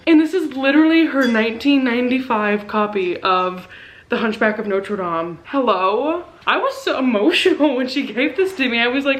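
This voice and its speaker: A woman's voice: a little high, low-quality recording. Bubbly young woman book vlogger. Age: 20s. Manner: bubbly, gushing, quick to get sentimental. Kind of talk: casual chatty vlog. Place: at home.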